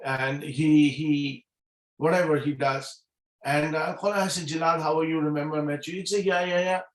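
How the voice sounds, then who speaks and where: A man's voice: on the high side, steady tone, normal speed, reverberant, poor audio. A middle-aged man speaking as a guest at a business meeting over a video call, earnest and repeating key phrases for emphasis. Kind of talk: motivational talk on a video call.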